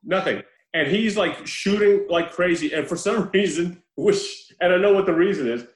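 An animated man recaps a story in casual podcast chat, laughing and swearing as he goes. His voice sits a bit high for a man. The recording has a noticeable roomy echo. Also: normal speed. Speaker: podcast host reviewing a film.

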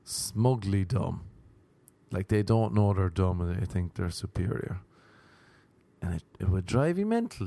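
A man in his thirties, a comedian hosting his own podcast, rambling wryly through a casual monologue and jumping into high voices for quoted asides. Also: animated, a little slow, gravelly, warm tone.

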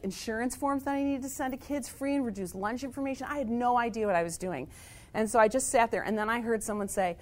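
A woman teacher telling a personal story in a lively, self-mocking way. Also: medium pitch.

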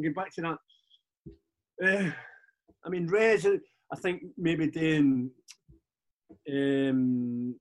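A man in his forties with a Glaswegian accent, a guest chatting casually in a halting, rambling way with many restarts. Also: a little high. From Scotland. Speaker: podcast guest, DJ. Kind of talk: casual chat.

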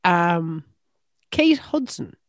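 A woman's voice: on the low side, drawn-out words, dry recording. Chatty Irish woman, dry close sound. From Ireland. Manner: chatty, animated storyteller with frequent laughs. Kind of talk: casual chat.

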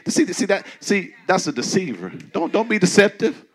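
A man preaching a sermon as pastor, talking to the congregation in a conversational way with many restarts, dropping to quiet asides and rising to loud, emphatic declarations. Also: sits high, sing-song, normal speed, hardly any pauses. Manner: frequent stammering restarts.

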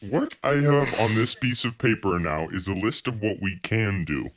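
A man's voice: fairly low pitch, moderate pace, slight background noise, natural voice. A man playing Pierre, a bossy, grumpy TV cook. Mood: deadpan. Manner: bossy, scolding, deadpan. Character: Pierre, bossy grumpy male TV cooking host. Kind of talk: comedy sketch acting.

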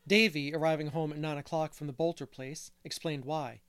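Man calmly reading a classic novel aloud. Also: fairly high pitch, clear, resonant tone, dry recording. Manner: measured and unhurried. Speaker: audiobook reader. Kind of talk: scripted narration.

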